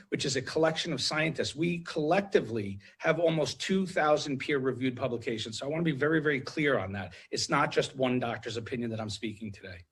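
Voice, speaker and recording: A man with a husky, mid-range voice appears as an ICU doctor guest in a TV interview. He is urgent and emotional, repeating himself and restarting often.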